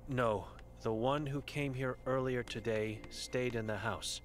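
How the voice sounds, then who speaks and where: A man's voice: medium pitch, fairly even intonation, a little slow, slight background noise, lightly acted. A man reading the chalkboard words of an old blind, mute woman in a game, in terse, broken phrases. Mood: cryptic.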